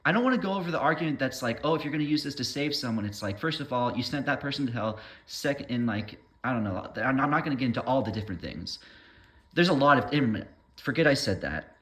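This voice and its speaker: A man's voice: medium pitch, expressive, fast, a bit bright. A man rambling through an opinion monologue, trailing off mid-thought and waving his own points away with "never mind.".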